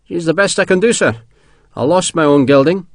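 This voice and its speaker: A man's voice: on the high side, animated, fairly quick, no room sound, voice pushed up. Brief: man doing a raised, tight older colonel, grim, clipped, dry studio. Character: older Scottish army colonel, dour and stern.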